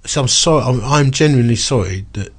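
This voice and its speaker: A middle-aged man telling a story in a casual chat, animated and chatty with lots of asides. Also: mid-range voice, quick pace.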